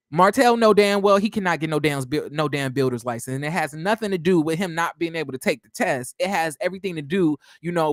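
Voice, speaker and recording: A man's voice: on the high side, no echo, studio quality. Sassy, chatty man recapping reality TV. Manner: chatty, animated, drifts into asides to viewers; sassy, slangy, addresses viewers as y'all. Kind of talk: casual recap and commentary.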